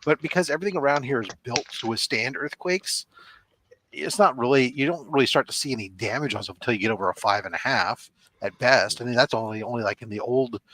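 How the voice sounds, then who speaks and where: A man's voice: medium pitch, fairly quick, bright, forceful tone, no room sound. A man hosting a casual online panel chat, rambling and explaining things at length with lots of asides. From California. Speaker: podcast host. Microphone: video call.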